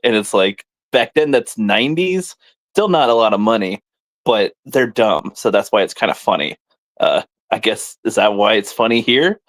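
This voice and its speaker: A man's voice: lowish voice, animated, normal speed, no room sound. A man co-hosting a casual comic review chat, rambling and laughing often. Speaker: podcast co-host.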